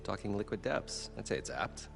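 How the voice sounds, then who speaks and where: A wry, deep-voiced showman inventor. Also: big pitch swings, moderate pace, creaky, a bit bright, exaggerated voice. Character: boastful showman inventor, grown man. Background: game music.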